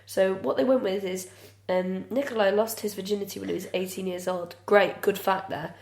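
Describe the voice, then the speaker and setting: Woman, podcast co-host, frank dry humor, swears a lot, mid pitch, roomy echo. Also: fairly even intonation, moderate pace, a little mellow. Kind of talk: casual comedic chat.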